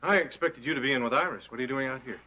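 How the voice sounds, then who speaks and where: A smooth scheming rival, bright voice, 1980s soap acting. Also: male voice, mid-range voice, rapid-fire. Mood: ingratiating. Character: smooth scheming businessman called Justin.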